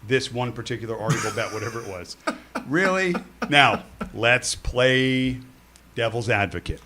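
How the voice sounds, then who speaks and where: A man's voice: medium pitch, expressive, moderate pace, sharp tone, slight background noise. A man co-hosting a casual sports talk show, spinning playful what-if scenarios. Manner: storytelling with hypotheticals, playful. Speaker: co-host.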